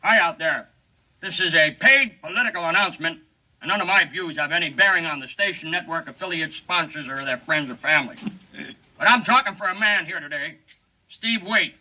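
An actor playing a shady, folksy TV pitchman pleading for a crooked friend's election in a 1950s film comedy. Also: fairly quick, pushed and bright, distant mic, poor audio. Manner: folksy, pleading sales patter.

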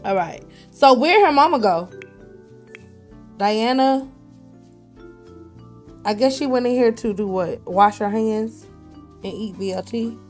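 A woman's voice: fairly high pitch, slow, long pauses, soft background music. A young woman giving casual, chatty commentary on her life-sim playthrough, laughing often and scolding her characters. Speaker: let's play host.

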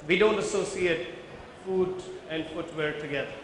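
A man with a somewhat high voice leads a visual merchandising workshop at a moderate pace, engaging the crowd with frequent questions and step-by-step explanations. His words ring through a large conference hall full of people, with long reverb and a faint hiss beneath.

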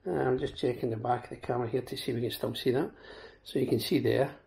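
Gravelly Scottish man with a sore throat. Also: medium pitch, steady tone, fast, darkish tone. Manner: chatty, addresses viewers as folks. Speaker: vlogger. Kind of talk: casual product demo.

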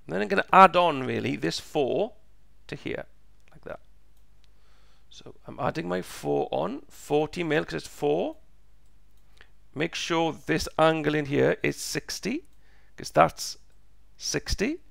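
A man teaching a step-by-step physics lesson, slow and patient, repeating each step, his voice croaky and going hoarse. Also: fairly high pitch, animated, a bit bright, dry recording, clean studio sound. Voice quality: gravelly, croaky.

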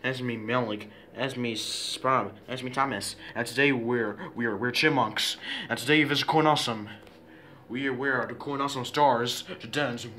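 A man's voice: mid-range voice, steady tone, moderate pace, bright, forceful tone, a little hiss or hum. A man fooling around in a playful home video, giggling, repeating himself and inventing silly names for himself.

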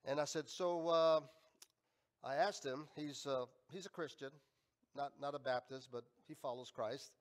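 A male pastor preaching a sermon, emphatic and swinging between loud and quiet. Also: on the high side, steady tone, unhurried. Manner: emphatic, rising and falling in volume.

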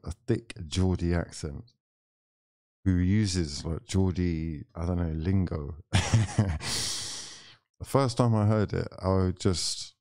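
A young man with a low, mellow voice hosts a live football watchalong, reading viewer comments aloud. He chats easily and laughs often, and the sound is close and dry with no room echo.

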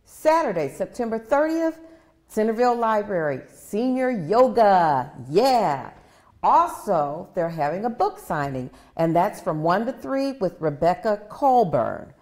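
A woman's voice: medium pitch, very animated, measured pace, a little mellow. A woman co-hosting a live local TV show, cheerful and chatty as she lists upcoming events. Her voice sits in a middle range but moves expressively. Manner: cheerful, laughing, reading event listings. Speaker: co-host of a county TV live show. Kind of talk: casual live show chat.

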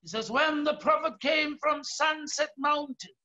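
A man's voice: very high-pitched, a little slow, pushed and bright. A South African man preaching a sermon as pastor, emphatic, often raising his voice and drawing out key words. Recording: dull lo-fi sermon recording.

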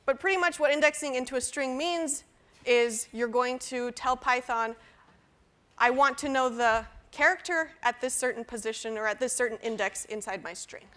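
A woman's voice: fairly high pitch, moderate pace, fairly bright tone. A woman lecturing a university class on programming, explaining step by step with fillers and restarts. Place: lecture hall.

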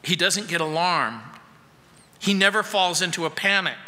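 A male pastor preaching a sermon in a high, bright and ringing voice. He delivers it slowly, firing off rhetorical questions and dropping from loud to soft. The sound carries a long reverb from the church hall.

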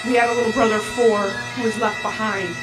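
A woman giving a personal testimony in a halting, measured way. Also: on the high side, little pitch movement. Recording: echoey, distant, soft music behind.

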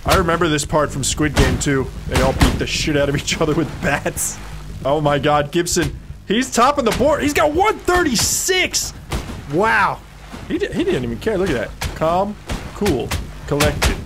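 A man streams a game with a high, very lively voice that leaps up and down as he reacts. He curses freely and trash-talks other players. A steady hiss of background noise sits under the recording. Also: moderate pace. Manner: excitable, swings from low mutters to yelling; heavy swearing, playful trash talk. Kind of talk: live gameplay commentary.

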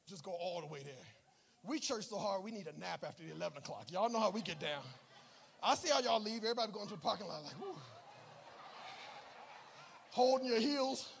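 High-voiced animated male pastor preaching. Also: creaky, slight background noise. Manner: animated storytelling, shouting and dropping to a hush. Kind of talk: sermon. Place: church sanctuary.

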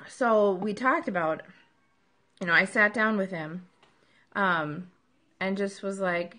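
A woman's voice: medium pitch, takes it slowly, pauses often, pushed and bright. Chatty woman giving parenting advice. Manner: conversational, many filler ums. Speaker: parenting livestream host. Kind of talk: casual advice talk.

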